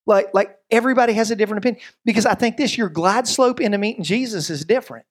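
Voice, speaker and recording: A man giving a sermon as a pastor. He tells stories with lively humor and often drifts into asides. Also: high-pitched, very fast, few pauses. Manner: lively, joking storyteller with frequent asides.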